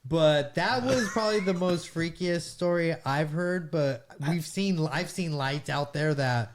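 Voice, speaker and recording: A man with a slightly high voice is a guest on a podcast. He tells a rambling story in casual chat, filled with likes and ums. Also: measured pace, noisy background.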